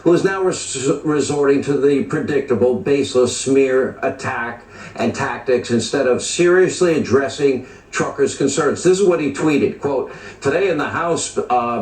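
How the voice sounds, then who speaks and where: A man's voice: fairly high pitch, reverberant, far from the mic, rough recording. A man delivering opinionated TV commentary as host, emphatic and stacking lists of charged phrases. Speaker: TV news commentator.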